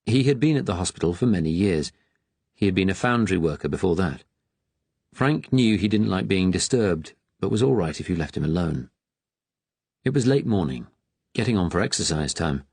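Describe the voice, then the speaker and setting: A man narrates an audiobook in a measured, grave manner. His voice is deep and slightly husky. The recording is close and dry. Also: lively intonation, darkish tone, dry recording. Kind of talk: scripted narration.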